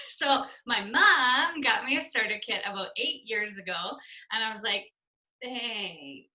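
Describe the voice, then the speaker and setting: Young woman, very bright voice, slightly high, chatty, laughs a lot, tired and yawning, from Canada. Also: measured pace, rough recording. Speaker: guest speaker on a group call. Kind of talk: casual chat.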